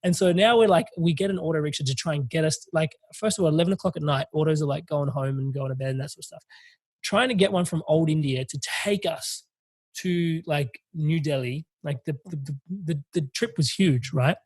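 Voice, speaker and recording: A young man, hosting a podcast and telling an animated, laughing story in casual chat. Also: fairly high pitch, brisk, no room sound. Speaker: podcast host.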